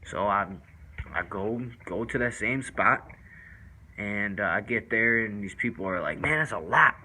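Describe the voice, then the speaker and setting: A man's voice: on the low side, unhurried, pushed and bright, rough recording. A man casually telling a first-person story in loose, rambling street slang with lots of fillers.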